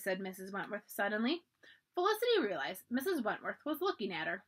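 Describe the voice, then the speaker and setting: Animated woman reading a storybook aloud. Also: medium pitch, a little fast, slightly rough. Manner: expressive, animated narration. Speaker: library storyteller.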